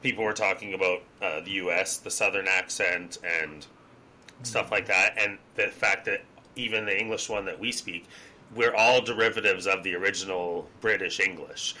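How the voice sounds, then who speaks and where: A man's voice: sits low, fairly even intonation, normal speed, sharp tone. A man co-hosting a podcast, rambling in a laid-back, casual way. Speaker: podcast co-host.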